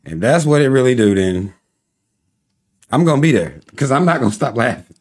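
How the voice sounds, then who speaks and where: A man hosting a casual livestream, talking to viewers and reading their comments, often breaking into laughter and teasing in a loose, rambling way. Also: fairly high pitch.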